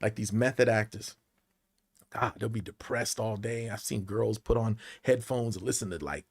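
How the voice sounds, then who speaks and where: An actor in his forties, with a lowish, husky voice and a moderate pace, tells a personal story during a podcast interview in the studio. He's an animated storyteller who acts out the voices of the people involved.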